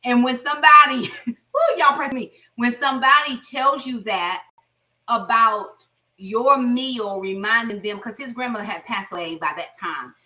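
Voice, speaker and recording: This cooking vlogger, a middle-aged woman from the United States, talks while cooking at home and gives her viewers blunt, friendly advice in a casual vlog. Her voice is on the high side, sharp in tone, with a moderate pace. The mic picks her up from a bit far away.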